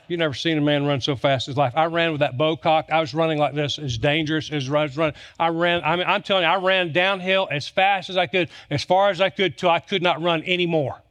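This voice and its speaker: Male pastor, drawl, slightly high voice, emphatic storytelling sermon. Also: fairly bright tone. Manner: storytelling with humor, emphatic repetition.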